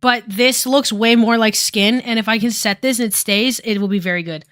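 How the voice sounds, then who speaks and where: Bright-voiced woman chatting through makeup. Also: on the high side, normal speed. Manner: rambling, lots of "like", casual swearing. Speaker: commentary streamer. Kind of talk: casual commentary while doing makeup.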